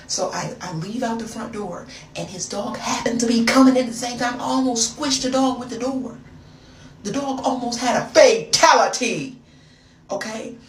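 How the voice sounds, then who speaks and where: A woman's voice: fairly high pitch, moderate pace. A young woman vlogger telling a story in a casual, chatty way with sassy asides. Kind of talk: storytime vlog. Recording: echoey room, far from mic, noisy.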